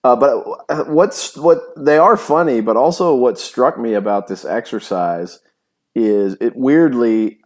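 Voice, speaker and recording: A man co-hosting a sports podcast, talking in a rambling, animated way with many restarts and fillers. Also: mid-range voice, unhurried. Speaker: podcast co-host. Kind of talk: casual sports chat.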